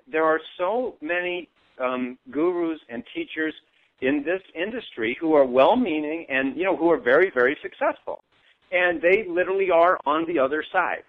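A man speaking in casual conversation as a guest. He is animated, laughs often and acts out other voices in his stories. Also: on the high side. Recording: tinny phone-like audio.

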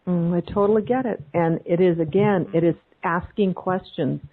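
A woman on a group video call giving an animated, emphatic motivational talk as a coach, repeating phrases for emphasis. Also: fairly low pitch, normal speed. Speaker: guest speaker, life coach. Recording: phone-like call audio.

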